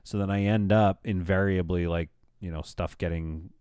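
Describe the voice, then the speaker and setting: Rambling thirties male streamer, deep voice, dry and close. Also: steady tone, moderate pace, a little mellow, smooth, no echo. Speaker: live streamer. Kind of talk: casual live-stream chat while building.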